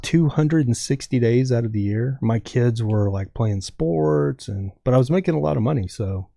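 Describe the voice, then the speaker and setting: A man's voice: medium pitch, moderate pace, vocal fry, warm tone, dry recording, clean studio sound. A man from Texas telling a rambling story as a podcast guest, dropping "dude" often. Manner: rambling, says dude a lot. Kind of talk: casual storytelling.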